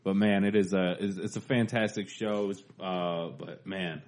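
A man co-hosting a podcast, telling comedy sketches in casual chat, often laughing and shouting out the lines he quotes. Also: low voice, fairly even intonation, normal speed. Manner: laughing storyteller, acts out quotes loudly. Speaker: podcast co-host.

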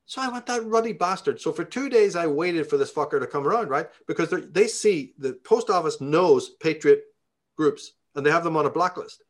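A man's voice: a little high, lively intonation, normal speed. A man from Belfast with a Northern Irish accent, telling a story in a casual interview, profane and heated as he rants. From Belfast, Northern Ireland.

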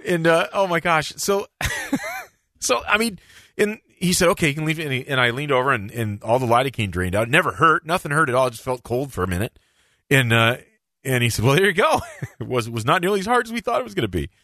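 A man hosting a podcast, telling a story in casual chat, animated and laughing, with lots of restarts. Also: medium pitch, a little fast, dry recording, studio quality.

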